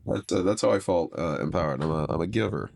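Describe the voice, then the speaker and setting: A young man chatting casually on a podcast, rambling with self-deprecating deadpan jokes that often sink lower and quieter as he muses. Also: fast, creaky. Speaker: comedian and podcast guest.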